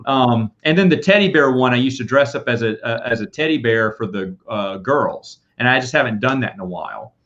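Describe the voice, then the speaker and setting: A man hosting a casual chat, telling rambling, animated stories. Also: mid-range voice, brisk, few pauses. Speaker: podcast host. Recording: dull lo-fi audio.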